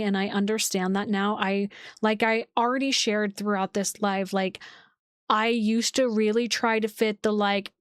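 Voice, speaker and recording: A woman astrologer hosts a casual livestream, sitting in a chair at her streaming setup, and her slightly high voice comes through dry and studio-quality. She rambles loosely, full of "like"s and restarts.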